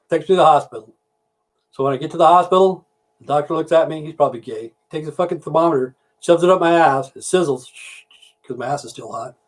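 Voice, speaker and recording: A man's voice: a little high, darkish tone. A man who drives trucks and hosts a livestream, telling a long crude joke in a rambling, swear-heavy way. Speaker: livestream host. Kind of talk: casual livestream storytelling.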